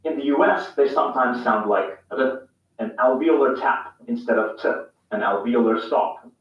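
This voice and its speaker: A man's voice: mid-range voice, normal speed, very echoey. Man explaining pronunciation from a distant clip. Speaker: English pronunciation instructor. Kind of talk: scripted explanation. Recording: video clip played in a room, distant and dull.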